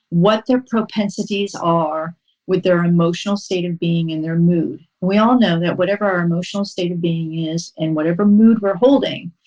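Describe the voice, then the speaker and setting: A woman guest on a podcast interview, calmly and patiently explaining a mindfulness practice step by step, pausing now and then with an um. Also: lowish voice, highs cut off. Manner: calm, instructive, unhurried with frequent um pauses. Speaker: podcast guest, horse-assisted wellness coach.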